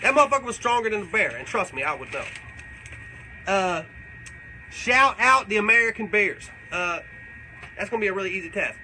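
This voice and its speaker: A man's voice: high voice, lively intonation, a little fast, pauses often, pushed and bright, slight background noise, heavily acted, low-quality recording. A man playing a crude, boastful redneck character who rambles through tall tales and swears constantly during a comedic livestream Q&A. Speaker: comedic character answering fan questions.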